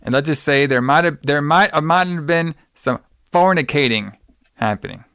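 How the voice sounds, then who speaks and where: A man's voice: fairly high pitch, moderate pace, fairly bright tone, smooth, no room sound, studio quality. A man hosting a podcast, recapping a film in a casual, rambling way, full of swearing and wrestling-fan slang. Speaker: podcast host.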